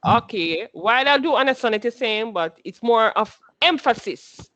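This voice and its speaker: A woman's voice: a little high, lively intonation, moderate pace, fairly bright tone, muffled recording. Patient woman teaching a class. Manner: patient, repeats instructions and quizzes students. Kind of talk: classroom instruction.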